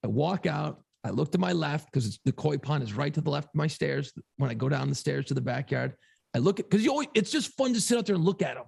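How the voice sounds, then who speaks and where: A man co-hosting a podcast, telling a long story in a casual, profane, animated way. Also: fairly high pitch, fast, vocal fry, husky. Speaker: podcast co-host.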